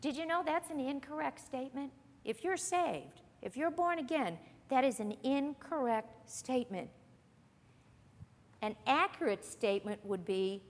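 A woman's voice: high-pitched, expressive, moderate pace. A woman teaching a church Bible lesson to a group, earnest and conversational, posing questions to her listeners. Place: church meeting room with an audience. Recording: long reverb of a hall.

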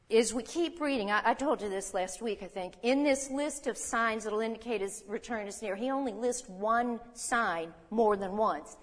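Older woman teaching in a long-echo hall. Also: mid-range voice. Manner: folksy, chuckling asides and rhetorical questions. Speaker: Bible teacher. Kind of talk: conversational Bible teaching. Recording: reverberant hall.

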